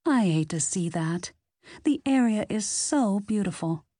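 A woman reading the part of a gentle, sympathetic young woman who speaks softly and earnestly. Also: mid-range voice, expressive, measured pace, dry recording, clean studio sound.

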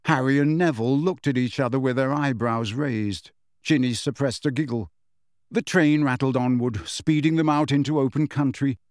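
A man narrates a novel in a steady, measured way, his voice at a middling pitch. The recording is close and dry, with no room around it. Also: no echo. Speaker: audiobook narrator. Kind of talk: scripted narration.

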